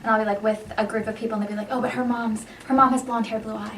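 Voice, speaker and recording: A woman's voice: on the high side, flat delivery, racing, fairly bright tone. A woman on a discussion panel, talking casually and wryly, quoting what people say to her. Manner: casual, wry, quotes others with disbelief. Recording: roomy, distant mic, light noise.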